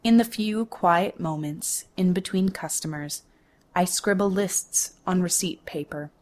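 A young adult woman narrates her own story in a low voice, slow and deliberate, setting down each detail carefully with measured calm.

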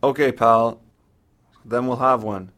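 A man's voice: medium pitch, steady tone, takes it slowly, a bit bright. A man voicing a playful middle-aged uncle who teases his nephew. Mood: jovial. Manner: teasing, jovial.

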